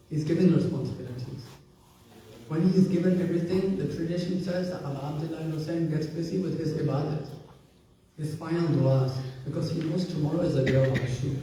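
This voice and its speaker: A man's voice: a little high, warm tone, slight background noise. A man giving a religious sermon as a majlis speaker, telling the story solemnly and with passion, and at times chanting. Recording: echoey hall, distant mic.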